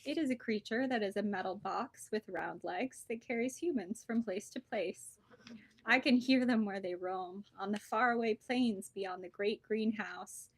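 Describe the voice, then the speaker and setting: A calm, sensible vole , read by a woman. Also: medium pitch, a little slow, slight background noise, close to an everyday voice. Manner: calm, matter-of-fact, reasonable.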